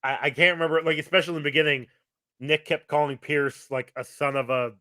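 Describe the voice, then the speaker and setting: Male podcast co-host, bright tone, loose rambling chat. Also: a little high, steady tone, fast talker, no room sound. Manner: rambling, many restarts and fillers. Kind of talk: casual chat.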